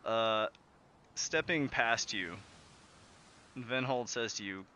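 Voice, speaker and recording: A man narrating a tabletop game as game master, relaxed and full of fillers. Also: medium pitch, takes it slowly, slight background noise.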